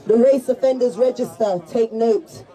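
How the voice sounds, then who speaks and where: A woman giving a rousing rally speech, shouting and leading call-and-response chants. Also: a little high, normal speed, poor audio. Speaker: rally speaker. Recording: crowd noise behind the speaker. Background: crowd.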